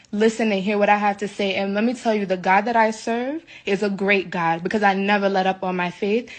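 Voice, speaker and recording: In a hotel room, an indignant American woman livestreams an emotional rant into her phone. Her mid-range voice carries agitation, and she keeps repeating herself.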